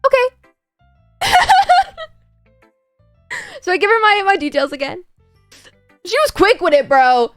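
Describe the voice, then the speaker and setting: Young irish woman, streamer, high voice, lively storytelling, dry close sound. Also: slow, pauses often, no echo, faint music behind. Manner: animated, laughing, acts out the people in her story. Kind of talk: casual storytelling chat.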